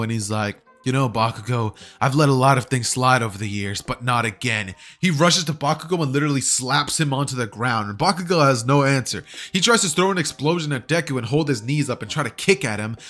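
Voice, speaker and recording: A man's voice: medium pitch, a bit bright. A man casually telling a fan story, chatty and slangy, often checking in with his listeners. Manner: chatty, slangy, keeps asking "right?". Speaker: YouTuber.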